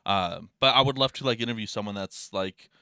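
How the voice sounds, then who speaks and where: Bright, clear-voiced man rambling casually. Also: lowish voice, brisk, dry recording, clean studio sound. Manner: rambling, fillers, frequent swearing. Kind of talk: casual chat.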